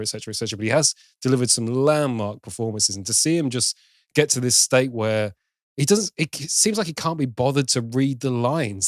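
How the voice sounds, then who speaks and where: A man's voice: mid-range voice, dry recording, clean studio sound. A man co-hosting a film podcast, chatting casually, swearing and laughing at bad films. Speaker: podcast co-host.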